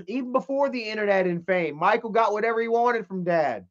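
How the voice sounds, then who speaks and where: A livestream host rants casually, telling a long, rambling story full of swearing and restarts. His voice is high-pitched and expressive at a normal speed, and the stream audio sounds dull and lo-fi.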